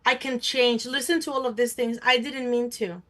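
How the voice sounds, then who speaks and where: A woman's voice: on the high side, fairly even intonation, moderate pace, bright, forceful tone. A woman hosting a talk show, telling a personal story and acting out other people's voices. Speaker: host. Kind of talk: casual talk show conversation.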